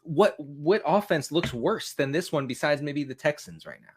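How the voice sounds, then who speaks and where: A man's voice: on the high side, lively intonation, normal speed, breathy edge. A man co-hosting a casual football chat, delivering his lines with mock drama and laughing along. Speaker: fantasy football analyst co-host.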